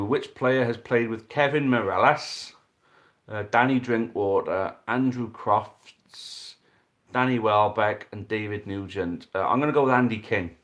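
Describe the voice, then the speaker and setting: A young man hosting and commentating a dice football tournament, chatty and excitable, swearing casually. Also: medium pitch. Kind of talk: live commentary and casual chat.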